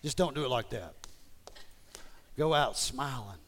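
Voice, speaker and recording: Guy preaching, goes quiet and whispery then gets loud and fired up, repeats himself a lot, normal pitch. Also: expressive, unhurried, a little hiss or hum. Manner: swings from hushed whispers to loud fervent exhortation; repeats phrases, stammers on restarts. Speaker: pastor. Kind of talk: sermon.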